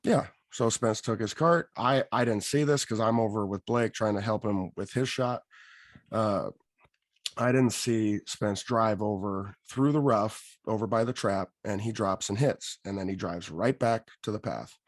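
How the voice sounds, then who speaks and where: A man hosting a podcast, telling an animated story and acting out what people said. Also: fairly low pitch, a little slow, no room sound, studio quality. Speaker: podcast host. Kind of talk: casual storytelling.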